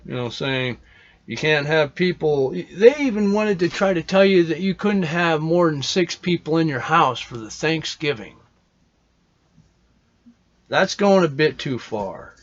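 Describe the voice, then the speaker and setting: A man speaks in a fairly high voice, rambling and opinionated, swearing freely as he talks. His sentences trail off and restart, like a loose unscripted monologue. The recording sounds dull and lo-fi. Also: lively intonation, unhurried. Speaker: podcast host.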